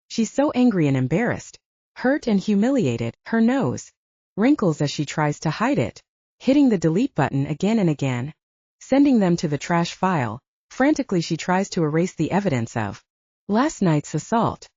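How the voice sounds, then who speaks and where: Expressive female audiobook narrator. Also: lowish voice, moderate pace, husky, no echo, lo-fi sound. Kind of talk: scripted narration.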